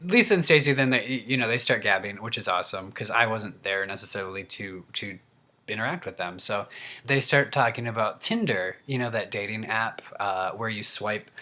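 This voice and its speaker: A man, an actor and vlogger, telling a funny story as a rant, animated and getting worked up. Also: on the low side. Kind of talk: humorous rant.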